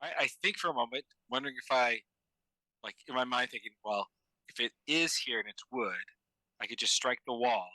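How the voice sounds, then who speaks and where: A man's voice: mid-range voice, brisk, bright, forceful tone, no room sound, low-quality recording. A man playing a tabletop game, bold and matter-of-fact. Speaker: player. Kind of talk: casual tabletop play.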